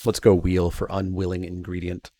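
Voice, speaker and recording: A man's voice: sits low, completely flat delivery, normal speed, mellow, dry recording. A man hosting a channel, reading game card text aloud and then musing over each one with hedging asides in casual review commentary.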